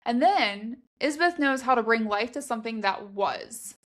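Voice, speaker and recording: A woman with a fairly high voice chats casually on a book podcast. She jokes and riffs off her co-host's points. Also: lively intonation, fairly bright tone. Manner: joking, quick to riff on her co-host. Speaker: podcast co-host.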